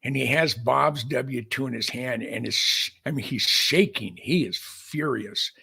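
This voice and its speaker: A man's voice: medium pitch, unhurried, vocal fry, pushed and bright, breathy edge. An older man, a podcast guest, telling a long story in a folksy, rambling way with many restarts. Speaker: podcast guest, aviation historian. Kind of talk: storytelling in casual conversation.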